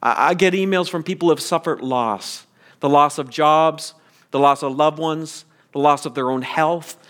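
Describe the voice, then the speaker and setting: A man preaching a sermon as pastor, earnest and deliberate, with stammered restarts. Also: fairly high pitch, fairly bright tone.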